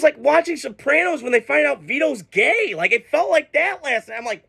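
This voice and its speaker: A man with a high, bright voice and a gravelly edge delivers a casual sports rant. He gets heated and profane, venting his frustration in sudden outbursts. His tone stays sharp and forceful throughout. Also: big pitch swings, moderate pace. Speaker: sports podcast host. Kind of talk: casual ranting commentary.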